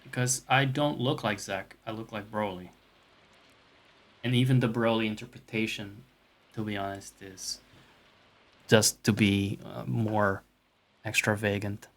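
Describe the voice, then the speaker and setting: A man's voice: fairly low pitch, fairly even intonation, measured pace, pauses often. A man streaming a video game live, talking casually in a joking, profane, self-mocking way. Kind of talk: casual live gaming commentary.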